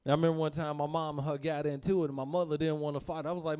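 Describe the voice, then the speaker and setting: A young man telling stand-up stories, animated and laughing through his lines as he acts out his family. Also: fairly high pitch, racing, few pauses, clean tone. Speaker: stand-up comedian. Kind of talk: stand-up storytelling.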